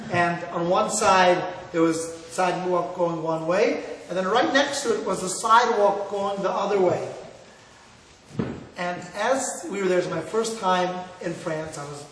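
A middle-aged rabbi from Cleveland giving an earnest sermon, telling stories and mixing in Hebrew and Yiddish words. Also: male voice, high-pitched, fairly bright tone. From Cleveland, Ohio, USA. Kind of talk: sermon to a live audience. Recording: echoey hall, mic far off, faint noise.

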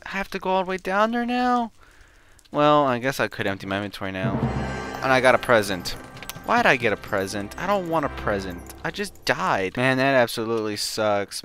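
A man giving casual gameplay commentary, excitable and slangy, swinging from muttering to yelling. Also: medium pitch, slight background noise. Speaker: gaming channel host.

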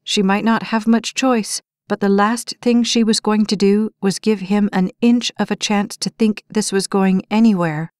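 Reading an audiobook, a woman uses a mid-range voice and a steady, measured storytelling delivery. There's no echo, and the sound is clean studio quality.

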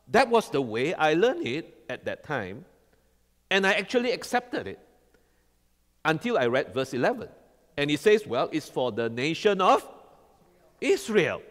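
A man's voice: a little high, fairly bright tone. A man preaching a sermon as pastor. He talks animatedly and keeps quizzing the congregation with "all right?". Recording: long hall reverb.

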